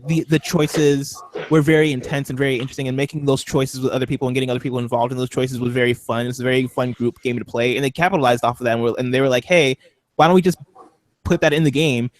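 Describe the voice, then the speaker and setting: A man co-hosting a podcast in a casual group chat, rambling excitably with lots of fillers. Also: medium pitch, dry recording. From Seattle. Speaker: podcast co-host.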